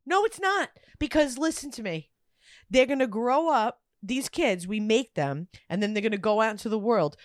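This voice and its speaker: A woman's voice: fairly high pitch, normal speed, darkish tone, dry recording, clean studio sound. Emphatic middle-aged New woman. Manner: emphatic, laughing, swears freely. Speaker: podcast co-host. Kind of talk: casual chat.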